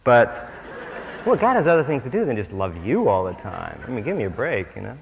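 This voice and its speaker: A man's voice: medium pitch, very animated, brisk, vocal fry. A man giving a humorous workshop talk as a spiritual teacher on stage, full of self-mocking asides. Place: stage before an audience. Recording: dull old recording, long hall reverb, faint hiss.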